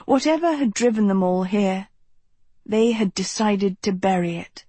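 A woman reading fiction aloud at an unhurried, measured pace. Her voice is husky, and the close recording sounds dry with no room around it. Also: medium pitch, animated, warm tone, dry recording. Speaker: audiobook narrator. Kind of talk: scripted narration.

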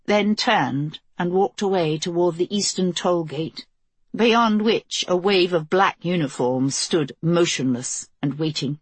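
A woman reading a novel aloud as an audiobook narrator, in measured, even storytelling. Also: lowish voice, slightly rough, no echo. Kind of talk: scripted narration.

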